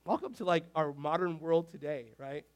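A man preaching a casual, animated sermon, peppering his speech with "like". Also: a little high, moderate pace. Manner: animated, filler-heavy with frequent "like"; talks to the tech crew mid-sermon. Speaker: pastor.

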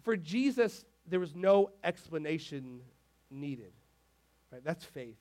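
A man preaching a casual, animated sermon, peppering his speech with "like". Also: a little high, slow pace. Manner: animated, filler-heavy with frequent "like"; talks to the tech crew mid-sermon. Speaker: pastor.

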